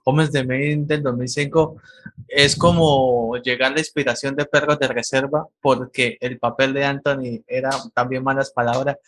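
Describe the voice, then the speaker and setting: A man hosting an interview, asking questions in a measured, hesitant way. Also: medium pitch, level tone, fairly bright tone, slight background noise. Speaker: interview host.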